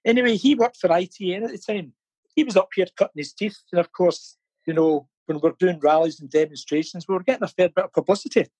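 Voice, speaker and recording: Chatty man, husky and high. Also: fast talker, darkish tone, no echo, poor audio. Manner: chatty, laughs often, repeats words while thinking. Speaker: interview guest, fan campaigner. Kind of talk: casual storytelling interview. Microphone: phone or video call.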